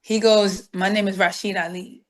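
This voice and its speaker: A woman with a medium-pitched voice and moderate pace tells stories as a guest saxophonist in an interview. She's an animated storyteller who acts out the voices of the people she quotes.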